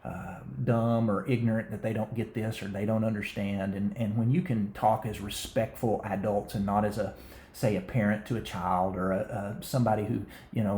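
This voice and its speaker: A man co-hosting a marriage advice show, talking fast and energetically with frequent restarts. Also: lowish voice, flat delivery, dark tone, reverberant. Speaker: co-host of a marriage talk show. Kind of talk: casual advice talk.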